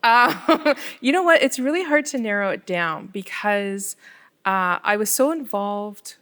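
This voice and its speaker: A middle-aged woman from Canada, a ward councillor in a casual interview, telling stories in an animated way and acting out the dialogue. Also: mid-range voice, measured pace. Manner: animated storyteller, acts out quoted dialogue.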